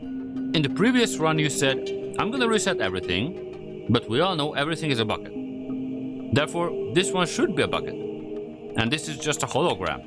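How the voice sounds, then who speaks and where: A man doing let's play commentary, excitable and argumentative, with a hoarse voice he is losing. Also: fairly high pitch, a little fast, pauses often, over loud music. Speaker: gaming YouTuber.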